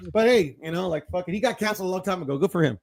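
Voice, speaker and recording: Casting: man co-host, fairly high voice, rambling and profane. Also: a little mellow. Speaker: podcast co-host. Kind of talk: casual boxing chat.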